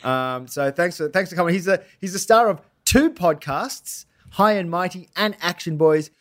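A man's voice: high-pitched, expressive, moderate pace, a bit bright. A man with an Australian accent, hosting a podcast in a playful, rambling way with many fillers. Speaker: podcast host. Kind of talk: casual podcast chat.

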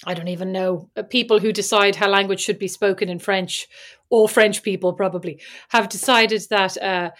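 A woman's voice: medium pitch, steady tone, normal speed, fairly bright tone. An Irish woman co-hosting a podcast in casual chat, teasing and rambling as she talks. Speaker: podcast co-host.

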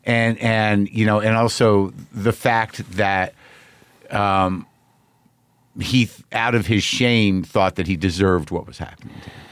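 A man interviewing a guest, speaking in a halting, searching way with many restarts. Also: fairly low pitch, fairly even intonation, clear, resonant tone, dry recording. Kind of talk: conversational interview.

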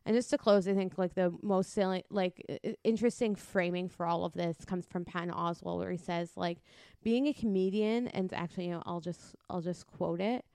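A woman's voice: lowish voice, steady tone, a little fast, gravelly, mellow, clear, resonant tone, no echo, clean studio sound. A woman co-hosting a podcast in casual chat, rambling with lots of fillers and restarts. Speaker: podcast co-host.

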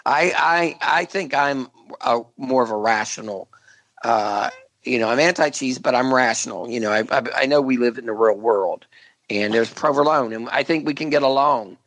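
A man hosting a podcast, telling a true crime case in a casual, jokey way with frequent laughs and halting restarts. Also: mid-range voice, fairly bright tone, no echo. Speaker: podcast host.

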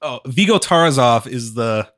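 A man's voice: medium pitch, lively intonation, a bit bright. A man in casual conversation, retelling movie scenes, laughing often and acting out characters' lines. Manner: laughs often, acts out lines in quick quotes.

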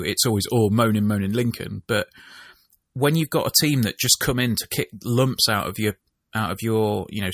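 Male podcast co-host, low voice, dry close sound, animated and exasperated. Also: no echo. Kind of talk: casual football chat.

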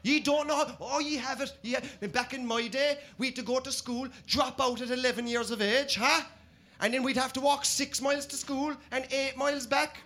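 A man's voice: very high voice, steady tone, moderate pace, pushed and bright, a little hiss or hum, pitched above the performer's own voice. A man voicing a grumbling old grandfather, scolding young people with exaggerated old-timer complaints.

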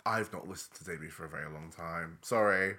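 A man's voice: low-pitched, a little fast, sharp tone. A man co-hosting a podcast in casual chat, chatty and giggly. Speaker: podcast co-host.

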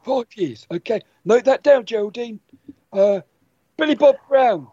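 A man's voice: extremely high pitch, animated, measured pace, warm tone, breathy edge, dry recording, exaggerated voice. A man doing a goofy silly elephant. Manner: rambling, goofy. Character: silly male elephant quiz host. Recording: dull dry lo-fi sound.

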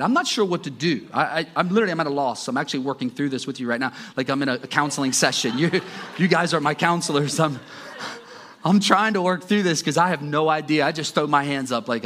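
A man's voice: a little high, animated, normal speed, a bit bright, slight background noise. Guy in his 40s preaching, swoops up and down a lot, jokey storytelling. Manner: storytelling with self-deprecating humor and laughs. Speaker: pastor. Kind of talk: sermon.

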